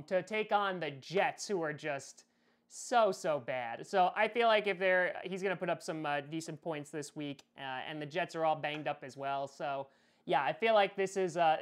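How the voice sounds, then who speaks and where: A man's voice: sits high, a bit bright. A young man hosting a fantasy football vlog, talking casually with joking, sarcastic asides. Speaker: host.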